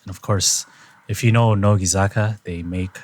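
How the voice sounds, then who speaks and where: A man's voice: deep voice, steady tone, moderate pace, a little mellow. A young man hosting a podcast in casual chat, laid-back and rambling with fillers. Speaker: podcast host.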